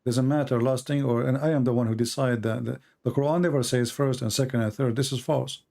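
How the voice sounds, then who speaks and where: Male debate host on a live stream, mid-pitched, combative, hammers questions and reads quotes deliberately. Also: steady tone, gravelly, warm tone. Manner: argumentative, presses with repeated questions.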